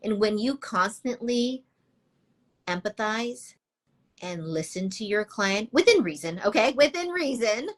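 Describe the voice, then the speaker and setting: A woman speaks as a guest on a live video interview. She has a mid-pitched voice and a calm, reassuring, coaching way of giving advice. She talks through a video call mic. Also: slow pace. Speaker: guest, pigment brand founder.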